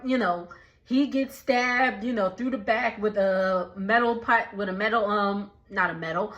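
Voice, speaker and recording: A woman chats her way through a film recap, full of fillers and quick acted-out lines. Her voice sits on the higher side and she talks at an unhurried, drawn-out pace. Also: muffled recording. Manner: chatty, many fillers, acts out lines. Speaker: vlogger.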